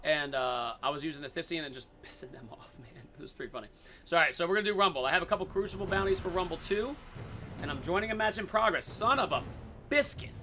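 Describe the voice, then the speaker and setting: A man giving goofy, excitable commentary over his own gameplay, swearing in silly made-up phrases. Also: on the high side, fast talker, faint music behind.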